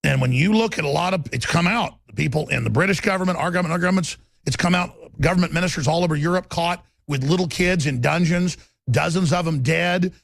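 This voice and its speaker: A man hosting a talk radio show, delivering an impassioned, ranting monologue that keeps rising to shouts. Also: fairly high pitch, fast talker, gravelly, no echo.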